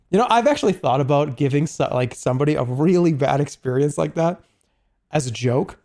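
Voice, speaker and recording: A man's voice: a little high, lively intonation, brisk, dark tone. A man chatting casually on a live stream, rambling along with lots of asides and restarts.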